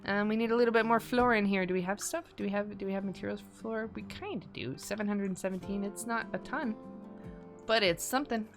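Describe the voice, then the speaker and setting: A woman's voice: mid-range voice, fast. A woman streaming a colony game live, chatting casually, thinking aloud and repeating herself, over faint music.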